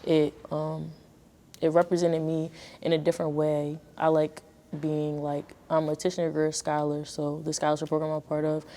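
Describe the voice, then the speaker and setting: A young woman in her early twenties, about to graduate college, speaks in a low, monotone, warm voice at a moderate pace. Her personal testimonial is earnest, heartfelt, and conversational, peppered with lots of "like."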